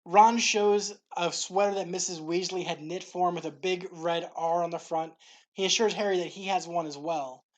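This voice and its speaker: A woman hosts a faith series and reads her devotional narration from a script. Her voice sits a little low, and she keeps her delivery clear and steady throughout. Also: moderate pace.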